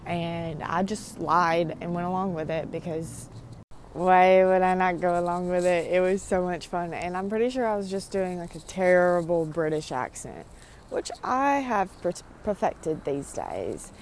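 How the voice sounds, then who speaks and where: A woman's voice: fairly low pitch, measured pace, darkish tone. Rambling young woman, faint outdoor hum. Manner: chatty, meandering, full of "like"; walking and pacing while talking. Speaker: vlogger. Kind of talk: casual rambling monologue. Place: outdoor parking lot.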